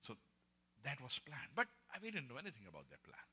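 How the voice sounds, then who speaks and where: A man preaching and telling testimony stories, swinging between hushed and loud, laughing often. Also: mid-range voice, huge pitch swings, a little fast, breathy edge, in a large hall. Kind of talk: sermon storytelling.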